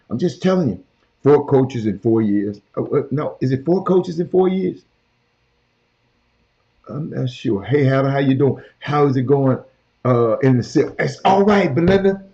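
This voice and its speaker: A man with a medium-pitched, slightly mellow voice and a moderate pace hosts a sports talk show from a hotel room. He talks casually and emphatically, repeats his points, and calls out to his cohost and viewers, all captured on a portable camera with dull lo-fi sound.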